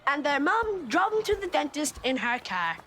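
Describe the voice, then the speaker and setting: A woman's voice: high voice, sing-song, normal speed, bright, forceful tone, heavily acted. A woman voicing a schoolchild who patiently and matter-of-factly explains what really happened. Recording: music playing underneath.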